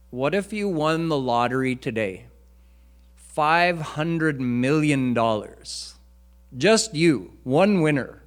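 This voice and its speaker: A male swami gives a devotional lecture in a temple, speaking slowly and earnestly. His voice sits fairly high for a man, and he sometimes breaks into chanted verses. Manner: slow, earnest teaching with chanted Sanskrit verses. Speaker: swami preacher. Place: temple hall.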